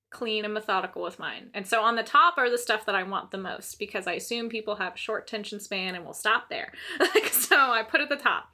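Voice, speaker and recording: A young woman chatting casually as co-host, telling stories with lots of laughter and acting out her past self. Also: mid-range voice. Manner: animated storyteller, laughs often, acts out her own past voice. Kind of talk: casual chat.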